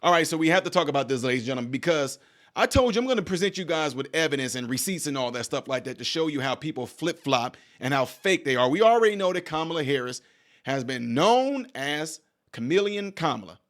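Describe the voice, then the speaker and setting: High-pitched guy ranting about politics on his channel, chatty and jokey, goes off on tangents. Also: fast talker. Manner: animated, digressive, jokey. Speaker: channel host. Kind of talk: casual political commentary.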